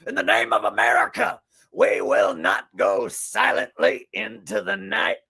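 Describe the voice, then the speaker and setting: A man doing a raving gravelly radio ranter. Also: sits high, huge pitch swings, measured pace, voice pushed up, heavily acted. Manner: growling, shouting rants. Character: raving male conspiracy radio host.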